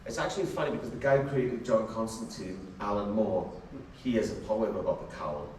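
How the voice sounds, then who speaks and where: A man telling animated, chatty stories at a convention Q&A panel, often laughing as he talks. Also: on the low side, fairly quick. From Wales. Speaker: actor, panel guest. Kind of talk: convention Q&A storytelling. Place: large convention hall. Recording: very echoey hall, distant, faint noise.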